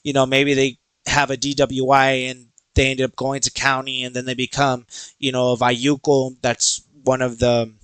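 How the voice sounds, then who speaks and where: A man's voice: medium pitch, moderate pace, clean tone, no room sound. A young man hosting a podcast, telling a personal story casually, acting out quoted voices and swearing freely. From Texas. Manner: animated, acts out quoted dialogue, swears freely. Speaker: podcast host.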